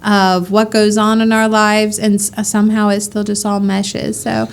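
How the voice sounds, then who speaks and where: A woman's voice: mid-range voice, little pitch movement, moderate pace, creaky, clear, resonant tone. A woman co-hosting a casual podcast chat, with a slight Midwestern twang. She rambles, giggles, and fills her sentences with ums and likes. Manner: rambling, giggly, many fillers. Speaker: podcast co-host.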